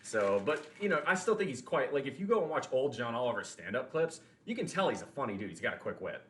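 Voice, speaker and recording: A man's voice: medium pitch, big pitch swings, fast, fairly bright tone, a little hiss or hum, rough recording. Joking Southern American man streaming. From Deep South of the US. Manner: joking, teasing, reading chat aloud. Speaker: livestreamer. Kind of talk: casual livestream chat.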